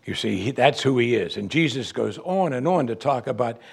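A man preaching a sermon, his voice husky and a little breathy. He reads scripture aloud and then drives each point home with emphatic, deliberate phrasing. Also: mid-range voice, lively intonation. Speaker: pastor.

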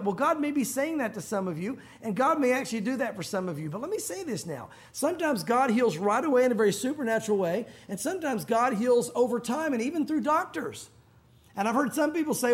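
Male pastor, high voice, sermon in church, chatty retelling of scripture. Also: animated, fairly quick. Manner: conversational, acts out biblical dialogue in casual modern speech. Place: church sanctuary.

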